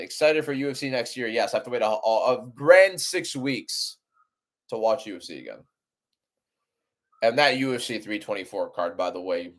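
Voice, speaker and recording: Young male streamer, fed-up ranting live commentary, mid-pitched voice. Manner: exasperated, ranting. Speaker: streamer doing a fight watchalong.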